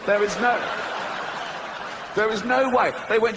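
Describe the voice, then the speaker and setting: A man doing stand-up comedy on stage and hosting an awards show, with a dry, mocking, deadpan delivery. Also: high voice, measured pace, long pauses. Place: large theatre on stage. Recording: live hall reverb, faint audience noise.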